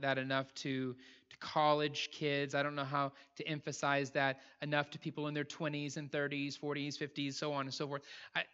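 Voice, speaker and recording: Bright-voiced man preaching conversationally. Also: fairly high pitch, highs cut off. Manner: conversational, with restarts and laughs. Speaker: pastor. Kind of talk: sermon.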